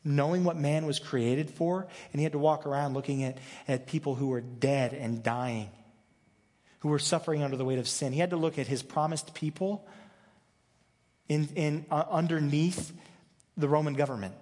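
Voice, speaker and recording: A man's voice: a little high, normal speed, a little mellow, long reverb tail. A man preaching a sermon as pastor, talking in a conversational, joking way with frequent restarts. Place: church sanctuary.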